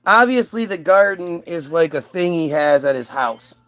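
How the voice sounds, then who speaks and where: A man's voice: a little high, animated, moderate pace, a bit bright, no room sound. A man telling a crude, rambling comedic story, switching between silly character voices. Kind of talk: profane comedic monologue acting out characters.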